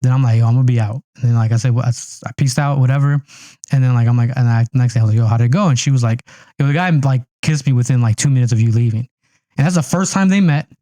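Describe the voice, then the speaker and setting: New dude cohosting a podcast, talks fast, says like a lot, dark mellow tone. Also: male voice, medium pitch, no echo. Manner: rambling storyteller, lots of "like" and "yo". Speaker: podcast co-host. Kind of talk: casual chat.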